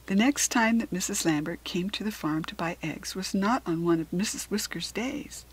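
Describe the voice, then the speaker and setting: Breathy American woman reading a storybook. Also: medium pitch, moderate pace, hardly any pauses, rough recording. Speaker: children's book reader.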